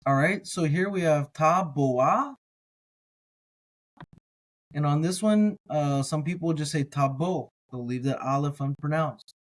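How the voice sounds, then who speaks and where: A man teaching a slow word-by-word reading lesson, sounding out each syllable carefully and adding casual asides. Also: a little high, low-quality recording. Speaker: biblical language teacher.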